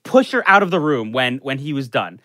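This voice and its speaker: A young man telling a profane, animated story in casual chat, full of restarts and "like". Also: medium pitch, fairly quick, no echo, clean studio sound.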